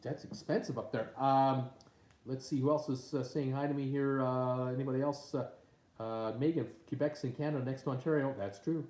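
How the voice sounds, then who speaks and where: A man's voice: mid-range voice, steady tone, normal speed, dark tone. Man reading live chat in an echoey room. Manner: reads viewer comments aloud with many fillers. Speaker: live-stream host. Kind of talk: casual live-stream chat. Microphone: tablet mic.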